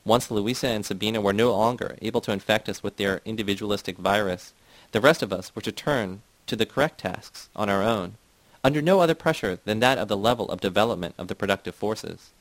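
Low-voiced man reading dense prose. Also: fairly quick, no echo, poor audio. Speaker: audiobook reader. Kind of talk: scripted narration.

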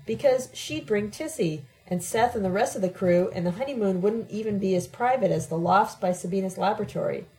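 A woman reading a first-person story aloud as an audiobook narrator, with an expressive, dramatic delivery. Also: mid-range voice, brisk, hardly any pauses, soft background music, poor audio.

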